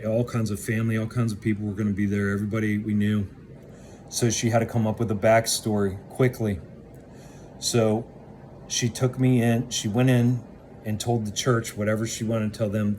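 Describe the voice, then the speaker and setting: A man's voice: lowish voice, a little mellow, a little hiss or hum. A man casually recounting his own past in a candid, blunt way that includes swearing. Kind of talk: casual first-person storytelling.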